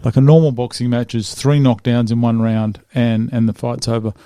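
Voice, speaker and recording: A man's voice: medium pitch, level tone, normal speed, dark tone, smooth, no echo, clean studio sound. A man hosting a podcast, joking and rambling in casual chat, often breaking off mid-sentence. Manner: joking, rambling, self-interrupting. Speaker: podcast host.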